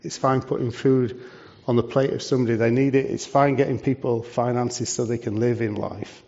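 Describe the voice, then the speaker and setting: A man's voice: mid-range voice, little pitch movement, normal speed, gravelly, mellow. A man, a charity leader giving a preaching talk to a church, conversational and full of rhetorical questions. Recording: dull lo-fi sound.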